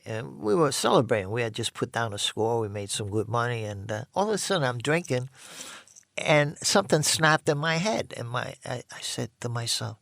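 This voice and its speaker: Gravelly older man telling street stories. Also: mid-range voice, expressive, normal speed, fairly bright tone, no room sound, studio quality. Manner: blunt, profane, rambling with restarts. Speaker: former mobster telling his story. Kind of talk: casual storytelling.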